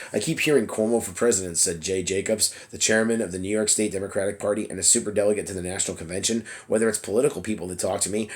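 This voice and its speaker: A man blogging casually about politics from his phone, reading an article aloud in a loose, chatty way with plenty of fillers and self-deprecating laughs. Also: fairly low pitch. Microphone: phone camera app.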